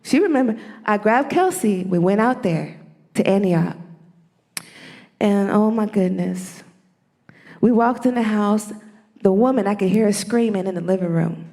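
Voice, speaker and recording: A woman who is a church elder, giving an animated testimony at a church service and talking directly to the congregation. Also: mid-range voice, measured pace, long pauses.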